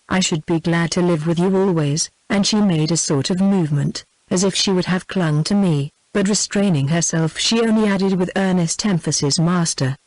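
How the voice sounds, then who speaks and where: Tts british lady reading a novel, even and measured, dry sound. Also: fairly low pitch, no echo, rough recording. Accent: British English. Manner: even, measured synthetic delivery. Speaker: audiobook narrator. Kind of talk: text-to-speech novel reading.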